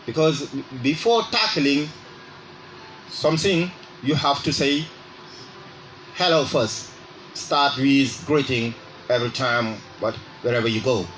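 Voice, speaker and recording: A man hosting a radio English lesson, speaking slowly and repeating phrases so listeners can drill them. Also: medium pitch, a bit bright, a little hiss or hum, poor audio. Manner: exaggerates rising intonation on example phrases. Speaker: radio English teacher and host. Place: radio studio.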